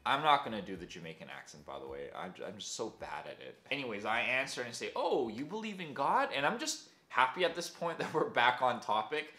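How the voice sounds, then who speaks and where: A man's voice: mid-range voice, animated, brisk, few pauses, sharp tone. A young man telling a story in a casual, self-deprecating way, with many fillers. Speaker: vlogger. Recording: echoey room with faint music.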